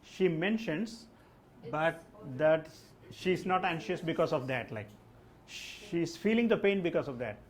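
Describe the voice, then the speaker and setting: Guy running a test prep class, kinda high voice, keeps saying like and okay, quizzes the room. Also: animated, a little slow. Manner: explanatory, peppered with "like" and "okay"; addresses a class with questions. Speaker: language test trainer. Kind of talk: live classroom lesson.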